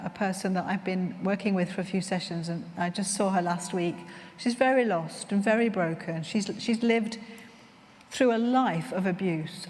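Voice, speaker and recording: A woman chaplain giving a conference talk, reflective and gentle, telling personal stories to fellow chaplains. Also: medium pitch. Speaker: chaplain trainer. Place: conference hall. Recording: long reverb in a large hall.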